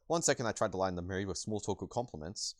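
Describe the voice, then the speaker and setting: Low-voiced man reading a game aloud. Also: fast, dry recording. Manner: lively, jokey reading. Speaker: let's play host.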